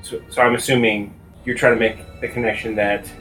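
A man's voice: medium pitch, little pitch movement, a little fast, a bit bright, soft background music, poor audio. A man playing a tabletop role-playing game, explaining in detail what his character does. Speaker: player. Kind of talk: tabletop role-play chat.

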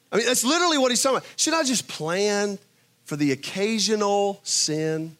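A man preaching a sermon. He is emphatic, swings between loud bursts and quiet asides, and asks his listeners rhetorical questions. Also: fairly high pitch. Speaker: pastor.

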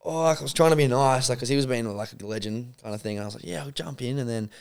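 A man's voice: medium pitch, level tone, very fast, a little mellow, smooth. A young Australian man telling a rambling, sweary story in a casual podcast chat, acting out the voices of other people.

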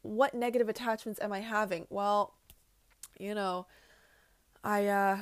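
A woman's voice: medium pitch, steady tone, unhurried, clean tone, no echo. A woman talking casually and earnestly to her viewers about healing and self-love, often repeating her points. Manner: earnest, talks directly to viewers, repeats herself. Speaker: spiritual wellness vlogger. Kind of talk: casual talk to camera.

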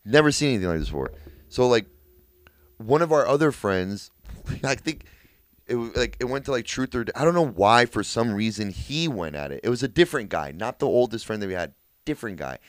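A young man tells a story to his friends on a podcast. His pitch swings a lot, and he laughs and swears through the telling with many filler words. The sound is dry and close. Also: sing-song, brisk, no echo. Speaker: podcast co-host. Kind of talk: casual storytelling among friends.

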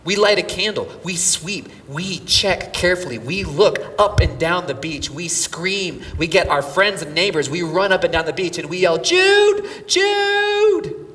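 A middle-aged man preaching a sermon, telling a story with swings from near-whispers to shouts. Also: fairly high pitch. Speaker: pastor. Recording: distant mic with hall reverb and faint room noise.

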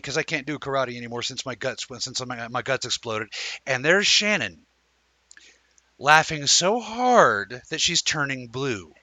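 A man hosting a live-streamed chat show, telling a rambling, animated story and talking with viewers. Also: on the high side, normal speed, no echo, low-quality recording. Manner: reads out and answers viewer comments. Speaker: livestream show host.

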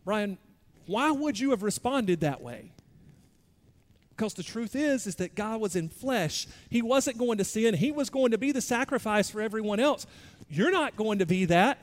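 A man preaching a sermon in a conversational, self-deprecating way, moving between quiet asides and louder bursts. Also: sits high, lively intonation, moderate pace, long reverb tail. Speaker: pastor.

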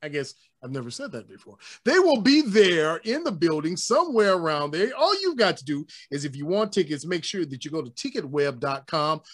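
A man co-hosting a casual sports talk show, animated and joking, slipping into voices. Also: a little high, a little fast, hardly any pauses. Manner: animated, playful, jokes and does voices. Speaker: podcast co-host.

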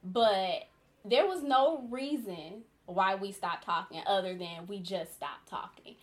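A woman in her thirties hosting a podcast, telling a story in casual chat and acting out quotes with a lively voice. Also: mid-range voice, slow pace. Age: 30s. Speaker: podcast host.

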